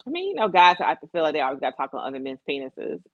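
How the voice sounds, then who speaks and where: A woman's voice: low voice, huge pitch swings, rapid-fire, no room sound, dull audio. A woman from Chicago co-hosting a casual chat, candid and profane, laughing through her stories. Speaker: podcast co-host.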